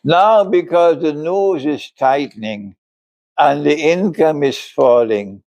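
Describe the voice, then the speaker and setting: A man's voice: fairly high pitch, takes it slowly, a little mellow, dry recording, muffled recording. An older man, an Islamic scholar, giving an emphatic religious lecture and laughing often as he speaks.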